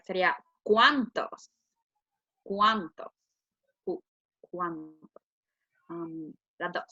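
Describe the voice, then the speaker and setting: A woman from Venezuela, a preschool teacher, slowly and carefully pronouncing words for learners to repeat. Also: on the high side, gravelly, pushed and bright, dry recording, muffled recording.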